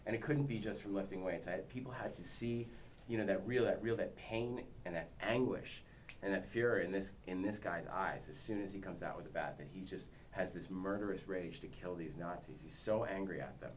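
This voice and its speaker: Man, 30s, junket interviewee, animated anecdote teller, lowish voice, light background noise. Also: a little fast. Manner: animated storytelling, imitates others for laughs. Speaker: actor and director at a press junket.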